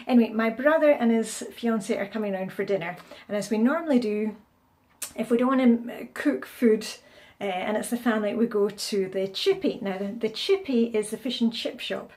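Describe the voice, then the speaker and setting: A woman's voice: on the high side, expressive, fairly quick, a little mellow. Chatty Scottish woman vlogging. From Scotland. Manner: chatty, frequent fillers and restarts. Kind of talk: casual travel vlog. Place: restaurant and streets, indoors and out. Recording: noisy background.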